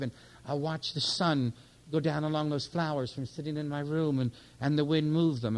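A man giving a sermon, swinging from loud, urgent exhortation to hushed, confiding near-whispers, with stories full of quoted dialogue. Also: mid-range voice, poor audio. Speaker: minister.

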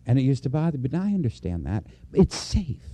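A man delivers a conversational sermon to his congregation in a very dark, mellow voice. He speaks earnestly and personally, repeating key phrases for emphasis. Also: mid-range voice, very animated, quick pace. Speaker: preacher. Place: church before a congregation.

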